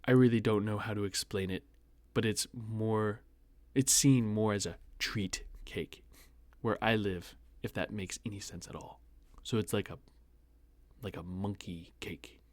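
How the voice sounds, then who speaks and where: A man's voice: fairly low pitch, steady tone, unhurried, darkish tone, no echo. A young American man reads an online post aloud and breaks in with sarcastic, mocking asides in a casual commentary. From United States. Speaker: host reading online posts.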